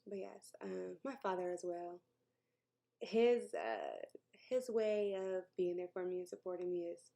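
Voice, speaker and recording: A vlogger talks candidly and emotionally to camera, sometimes dropping to a near-whisper, laughing between thoughts and joking about her news. Her fairly low voice is mellow and expressive, with vocal fry and a slightly slow pace.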